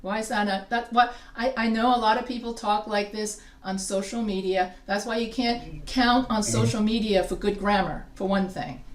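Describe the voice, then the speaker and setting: A woman's voice: medium pitch, steady tone, moderate pace, hardly any pauses. Female writing instructor, patient explainer, recorded from afar in a roomy classroom. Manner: explains step by step, quizzes students. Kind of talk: live grammar lesson. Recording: echoey classroom from a distance.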